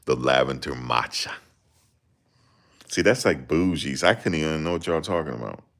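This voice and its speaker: A man with a very deep voice, giving casual, joking reaction commentary on a livestream. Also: animated, normal speed, a bit bright. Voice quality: very deep voice that people ask him to repeat. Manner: joking, laid-back, slips into mocking voices.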